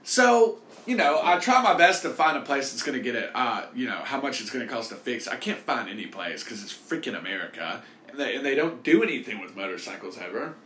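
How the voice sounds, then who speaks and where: Animated man telling a rambling story. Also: medium pitch, fairly quick, few pauses, slight background noise. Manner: rambling, swears in softened words. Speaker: host. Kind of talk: casual storytelling. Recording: echoey room.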